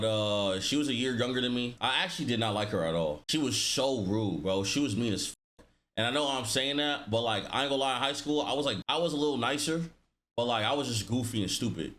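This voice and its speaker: A young man and streamer telling a casual story to his chat, loose and animated, heavy on slang and filler words, acting out what people said. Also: medium pitch.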